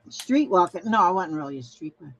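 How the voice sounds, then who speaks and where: A woman's voice: lowish voice, animated, fast talker, crowd noise, poor audio. An older woman from Minnesota chatting casually as a craft livestream host, reading viewer comments aloud and trailing off mid-sentence.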